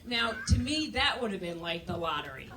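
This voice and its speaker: A woman's voice: mid-range voice, big pitch swings, moderate pace, recorded from a distance, heavy background noise. A woman doing a stand-up comedy set on a club stage, telling dry, self-mocking stories and acting out other people's voices.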